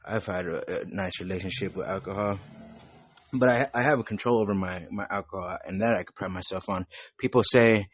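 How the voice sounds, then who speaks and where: This podcast host is a young man who talks in a loose, meandering way, swearing plenty as he chats casually. He sits low in pitch, keeps things brisk, and the recording has no room sound.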